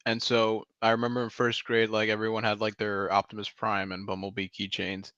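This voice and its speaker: A man's voice: lowish voice, monotone, brisk, pushed and bright, dry recording. A man in his twenties chatting casually on a live voice call, rambling in slang with lots of "like" and "bro". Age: 20s. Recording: dull lo-fi mic.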